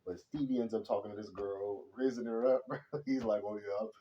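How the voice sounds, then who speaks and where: A man giving a casual, slang-heavy movie review, animated and chatty, calling everyone "bro.". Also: on the low side, fairly quick, muffled recording. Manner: slangy and animated, says "bro" and "hella" constantly.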